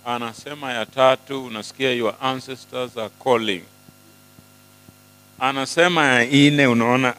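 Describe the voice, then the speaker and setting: A man preaching a sermon, mixing English and Swahili, animated and often asking the congregation questions. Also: mid-range voice, normal speed, clear, resonant tone. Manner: switches between English and Swahili, animated, asks the crowd questions. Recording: hall with long reverb and mains hum.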